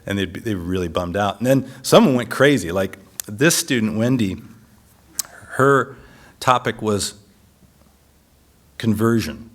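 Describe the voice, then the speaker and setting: A man giving a design lecture, telling stories in an animated way and often laughing. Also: fairly low pitch, unhurried, long pauses. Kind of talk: lecture with anecdotes.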